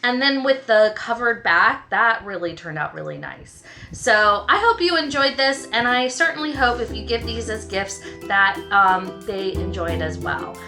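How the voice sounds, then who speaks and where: A woman art teacher walking through a craft project step by step, gentle and reassuring. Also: medium pitch, animated, moderate pace, faint music behind. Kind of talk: craft tutorial.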